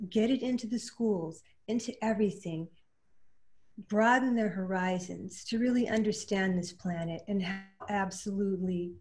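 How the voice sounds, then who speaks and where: A woman quilt artist talking in a panel discussion over a video call, earnest and halting, getting emotional as she speaks. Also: mid-range voice, a little mellow.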